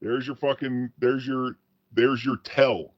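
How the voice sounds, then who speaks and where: A man's voice: medium pitch, level tone, slow, lo-fi sound. A man co-hosting a casual podcast, telling a long rambling story full of profanity and restarts. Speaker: podcast co-host. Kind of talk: casual chat.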